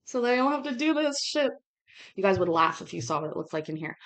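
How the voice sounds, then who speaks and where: A woman's voice: medium pitch, sing-song, quick pace, fairly bright tone. A woman in her thirties hosting a cooking vlog, chatting casually and rambling between topics, with the odd swear word. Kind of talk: casual chat while cooking.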